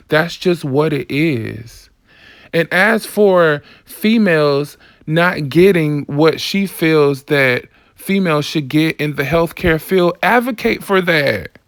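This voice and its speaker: A woman's voice: low voice, dry recording, clean studio sound. A woman vlogger delivering a casual commentary rant, sassy, blunt and profane.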